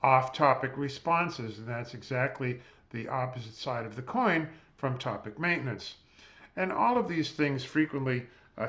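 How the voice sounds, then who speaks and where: Measured male physician lecturing. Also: medium pitch, a bit bright. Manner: measured, explanatory, spells out terms. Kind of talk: recorded lecture over slides. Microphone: close mic, seated.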